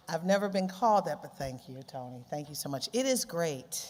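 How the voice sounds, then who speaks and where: A woman from Baltimore giving an animated conference speech, laughing often and repeating phrases for effect. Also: low voice, a little fast, slight background noise. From Baltimore, USA. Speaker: keynote speaker, journalist. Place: large conference hall. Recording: long hall reverb.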